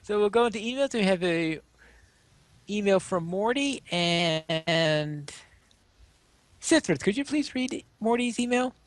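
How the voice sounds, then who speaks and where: A man's voice: sits high, expressive, measured pace, pauses often, no room sound. A man hosting a casual podcast, reading out listener comments and passing letters to his co-hosts. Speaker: podcast host.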